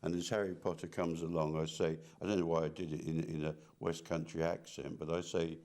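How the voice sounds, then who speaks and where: An older man, an artist being interviewed, reminiscing casually in a halting way, with many restarts and repeated words. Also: a bass voice, flat delivery, darkish tone.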